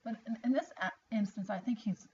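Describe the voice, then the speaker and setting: A woman's voice: fairly high pitch, brisk, mellow. Earnest middle-aged woman giving encouragement. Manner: earnest, encouraging, chatty with many restarts. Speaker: vlogger. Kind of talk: motivational vlog. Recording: slightly dull lo-fi audio with faint noise.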